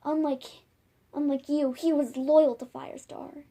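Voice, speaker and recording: Young female warrior cat, loyal, earnest, voiced by a woman, high, mellow. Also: level tone, measured pace, creaky.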